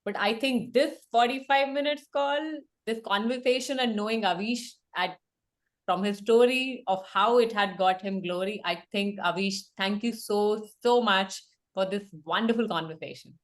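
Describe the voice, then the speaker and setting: A woman co-hosting a podcast in casual, halting chat over a video call. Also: mid-range voice. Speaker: podcast co-host.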